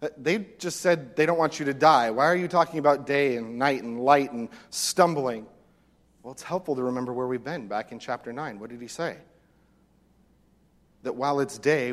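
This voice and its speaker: A man preaching a sermon as pastor, animated, acting out voices from the text. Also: medium pitch. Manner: animated, acts out the disciples' lines. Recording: long reverb of a hall.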